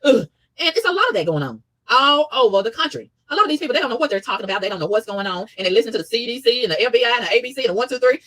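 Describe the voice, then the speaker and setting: A woman rattles off a rapid, exasperated rant. Her pitch leaps and dips with lively swings, and she barely pauses between complaints. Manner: fast, exasperated ranting with animated pitch swings. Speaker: vlogger. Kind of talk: ranting monologue.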